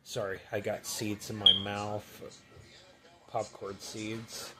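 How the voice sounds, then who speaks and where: A man talking casually and haltingly as he reviews a snack and a drink at home, with sudden loud bursts between mumbled stretches. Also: lowish voice, level tone, heavy background noise. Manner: rambling, halting, loud bursts while eating. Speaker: food reviewer.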